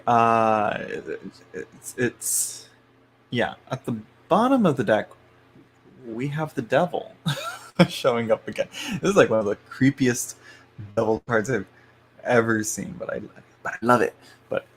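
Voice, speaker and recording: A man's voice: mid-range voice, sing-song, slow, long pauses, slight background noise. A man hosting a live tarot reading stream, rambling along with lots of fillers and restarts and frequent chuckles.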